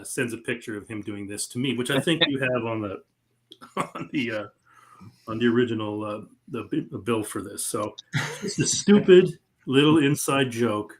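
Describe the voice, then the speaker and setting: A man with a mid-range voice co-hosts a casual podcast. He tells stories in an animated, profane way, with laughter mixed in. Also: mid-range voice. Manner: animated, swears freely, laughs while telling stories. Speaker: podcast co-host.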